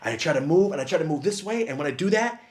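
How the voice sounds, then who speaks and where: Animated man telling a comic story. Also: quick pace. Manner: acts out quotes with big jumps in pitch and volume.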